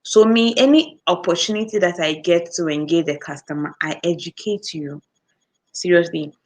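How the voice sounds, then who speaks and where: Ghanaian woman vlogging, chatty and animated, lower voice, acts out her customers. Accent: Ghanaian English. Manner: animated storytelling, acts out customers with quick voice switches and laughter. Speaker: customer service worker, vlogger. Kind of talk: casual chat answering viewer comments.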